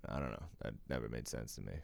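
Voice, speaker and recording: A man's voice: rumbling low, fast talker, creaky, darkish tone, no room sound, studio quality. A middle-aged man co-hosting a casual podcast chat, laid-back, swearing freely and laughing often. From eastern US. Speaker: podcast co-host.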